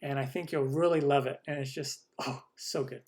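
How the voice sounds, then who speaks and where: A man's voice: mid-range voice, steady tone, moderate pace, darkish tone. A man hosting a live cooking stream, chatty and enthusiastic as he reads out and answers viewer questions. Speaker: cooking channel host.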